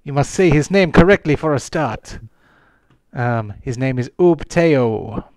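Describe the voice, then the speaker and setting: A man voicing a solemn woman voodoo priestess with a put-on slight French-Caribbean accent, speaking slowly and gravely in a tabletop game. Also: mid-range voice, animated, a little mellow, dry recording, natural voice. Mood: stern.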